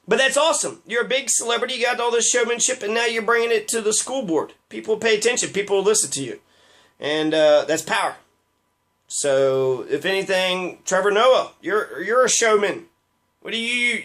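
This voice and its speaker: A man with a fairly high voice delivers an impassioned political rant. He swears constantly, rambles, and restarts his sentences as he pushes his point. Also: a bit bright. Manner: profane, heated, rambling with fillers.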